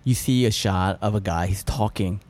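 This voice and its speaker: A man with a mellow, fairly low voice talks through a film scene in casual podcast chat. He hesitates often and fills pauses with "uh" and "like". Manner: hesitant, with many fillers. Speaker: podcast co-host. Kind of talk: casual movie discussion.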